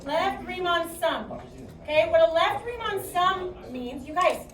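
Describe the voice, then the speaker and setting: A woman's voice: very high voice, animated, unhurried, fairly bright tone. Projecting Chicago-accented woman teaching math. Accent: Midwestern American, Chicago. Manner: chatty, projecting, asks okay often. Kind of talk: classroom lecture. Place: classroom. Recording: echoey classroom from far off.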